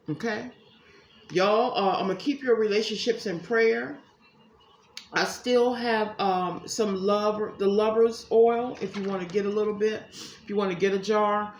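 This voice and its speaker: A woman's voice: medium pitch, moderate pace, slight background noise. Chatty woman reading tarot. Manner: chatty, emphatic, addresses viewers as y'all. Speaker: psychic tarot reader. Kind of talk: casual tarot reading to viewers. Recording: echoey room, faint ambience.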